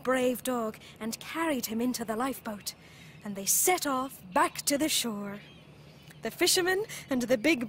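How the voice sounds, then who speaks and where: A British woman presenting children's TV and telling a story in an expressive, playful way. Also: high voice, a little hiss or hum.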